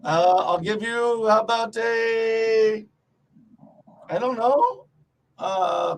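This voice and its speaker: A man trading crude comic banter as a show host, excitable and swearing, often shouting. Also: sits high, extremely slow, poor audio. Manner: loud, excitable, swears a lot, breaks into shouting.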